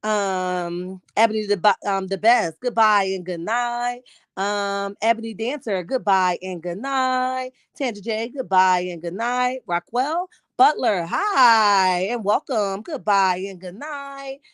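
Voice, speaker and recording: Sassy live-stream hostess, mid-pitched, chatty, close dry mic. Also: female voice, takes it slowly, a bit bright, clear, resonant tone, dry recording. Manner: sassy, keeps saying "honey", reads chat aloud. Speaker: livestream host. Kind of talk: casual live-chat gossip.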